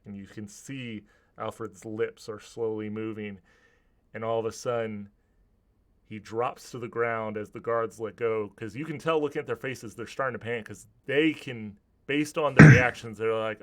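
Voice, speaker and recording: A man's voice: lowish voice, fairly even intonation, normal speed. A man narrating a tabletop game as game master, describing scenes vividly with some restarts.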